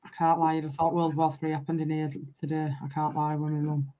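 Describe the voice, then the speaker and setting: A woman's voice: low-pitched, flat delivery, brisk, dark tone, a little hiss or hum. A woman with a Northern English accent hosting a football watchalong live stream, chatting casually and bluntly with a lot of swearing. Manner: blunt, sweary, repeats "I can't lie".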